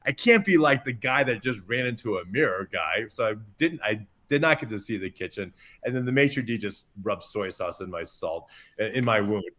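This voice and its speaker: A middle-aged man, a chef guest on a podcast, telling an anecdote with lively, expressive delivery and acted-out quotes. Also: lowish voice, normal speed. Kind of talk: animated storytelling in podcast interview.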